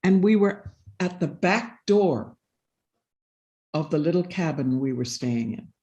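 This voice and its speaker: Low-pitched and dark, with the high frequencies cut off, a woman speaks slowly and expressively. She's on a panel in a live session, telling a personal story with earnest reflection and acted-out dialogue.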